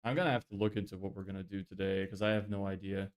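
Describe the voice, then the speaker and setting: A man's voice: sits low, fairly even intonation, quick pace. A young man casually chatting on a live stream, exasperated and swearing often as he answers viewers. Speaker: livestreamer.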